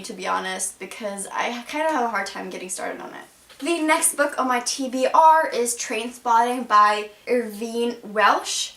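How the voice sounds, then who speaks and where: A young woman vlogs casually about the books she plans to read, a book haul chat packed with "like" fillers. Her voice is a little high and fairly bright, recorded from far off in an echoey room.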